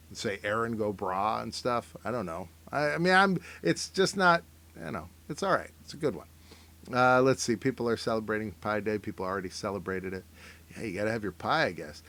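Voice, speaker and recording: A middle-aged man riffing casually on memes, rambling and wry, filling pauses with "uh" and sometimes slipping into mock voices. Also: medium pitch, a bit bright, no echo. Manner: rambling, wry, self-interrupting with fillers; mock voices for people he quotes. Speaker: comedian reacting to memes. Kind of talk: casual comic commentary.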